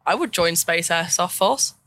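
A young woman in casual chat, animated and quick to laugh. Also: on the low side. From United Kingdom.

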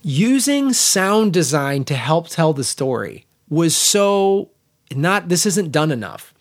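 A man's voice: a little high, very animated, takes it slowly. Eager, rambling man reviewing a film. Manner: enthusiastic, rambling with many restarts and fillers. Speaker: podcast co-host. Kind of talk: casual film review chat.

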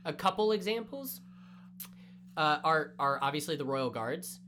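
A man co-hosting a casual anime review chat, talking in animated bursts with quick asides. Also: a little high, slight background noise. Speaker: podcast co-host.

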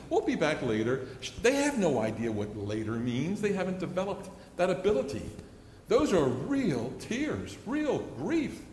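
A man's voice: high-pitched, darkish tone, slight background noise. A middle-aged man preaching a sermon, telling stories earnestly and acting out a child's pleading. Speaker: pastor. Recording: echoey hall with long reverb.

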